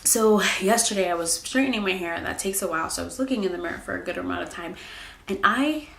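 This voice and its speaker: Speaking quickly with vocal fry and a fairly bright, mid-range voice, a twenty-something vlogger gives a casual pregnancy update. She's candid and peppers her talk with likes and ums, recorded in an echoey room with faint ambience.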